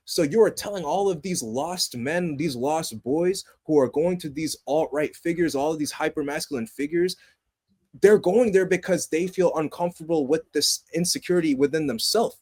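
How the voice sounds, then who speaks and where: A young adult man co-hosting a podcast, chatting casually about a movie in an animated, passionate way that swings from loud excitement to low, earnest tones. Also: moderate pace, breathy edge. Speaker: podcast co-host. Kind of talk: casual movie review chat.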